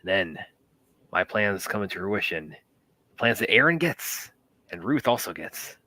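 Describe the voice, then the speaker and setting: A man co-hosting a casual stream chat, halting and often repeating his words. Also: lowish voice, very animated, sharp tone. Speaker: co-host.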